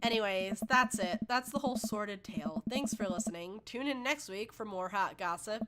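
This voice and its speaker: A woman's voice: mid-range voice, normal speed, lightly acted. A woman voicing a heartbroken teenage daughter who rambles through her hurt. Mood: dejected. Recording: loud background noise.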